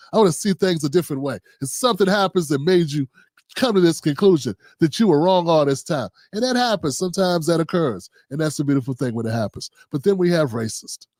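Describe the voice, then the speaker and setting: With no room sound in the recording, a livestream host from Maryland, USA, talks casually in a voice that sits high. This monologue is punctuated by frequent "you know what I'm saying" questions.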